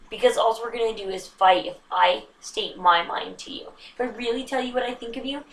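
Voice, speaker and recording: A woman's voice: fairly high pitch, a little hiss or hum. Woman vlogger, casual self-mocking chat, roomy echo, slightly distant mic. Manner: chatty, self-mocking, animated with sudden hushed asides.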